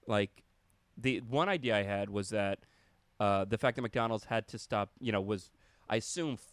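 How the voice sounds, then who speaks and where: A man's voice: fairly low pitch, moderate pace, no echo. A man, a comedian and podcast host, talking casually in a profane, rambling way. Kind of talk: casual chat.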